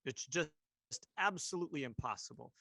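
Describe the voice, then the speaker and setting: A man narrating as game master of a tabletop game, stumbling and repeating words as he goes. His voice is a little high, and the recording is dry and close. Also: animated, a little fast, vocal fry, pushed and bright, no room sound.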